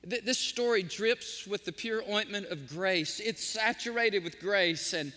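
A man pastor preaching a sermon, telling stories in an animated, emotional way. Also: high voice, a little slow, big-room sound. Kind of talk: sermon with storytelling. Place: church sanctuary.

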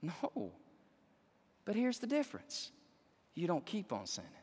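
A man preaching a sermon, animated and exclaiming, joking with the congregation. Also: high voice, a little slow, slightly rough. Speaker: pastor. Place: church sanctuary. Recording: long hall reverb.

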